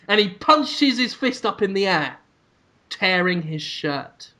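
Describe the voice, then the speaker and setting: A man hosting a podcast, rambling through an absurd improvised comic story and bursting into loud put-on voices. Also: high-pitched, expressive, unhurried. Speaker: podcast host.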